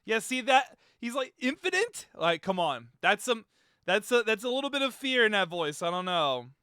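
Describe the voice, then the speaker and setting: Bright crisp rambling streamer man. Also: high voice, expressive, normal speed, dry recording. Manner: rambling, joking, self-mocking. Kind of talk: casual live-stream reaction.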